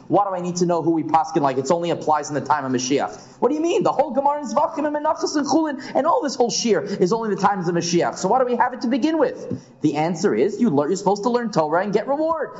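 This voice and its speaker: A man's voice: high voice, a little mellow. A man teaching a Talmud class as a rabbi, acting out the sages' questions in a sing-song way. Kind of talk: lively Talmud class lecture. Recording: muffled lo-fi classroom recording.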